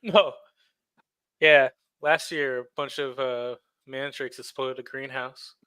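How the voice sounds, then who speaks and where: A man's voice: mid-range voice, steady tone, takes it slowly, pushed and bright, clean tone, dry recording. A man in a tabletop game speaking in character with a casual, offhand manner. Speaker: player. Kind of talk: in-character tabletop role-play.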